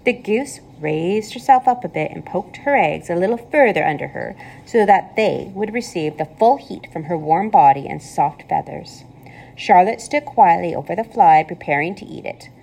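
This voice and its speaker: A woman narrating a children's novel aloud, expressive storytelling. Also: lowish voice, moderate pace, creaky, poor audio. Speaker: reader.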